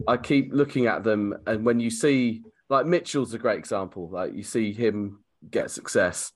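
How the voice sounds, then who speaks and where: Dry, teasing man, lowish voice. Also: moderate pace. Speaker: podcast co-host. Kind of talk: casual sports chat.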